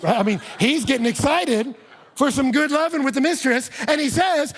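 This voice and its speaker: A man preaching a sermon as pastor, lively and humorous, acting out couples' voices. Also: extremely high pitch, brisk.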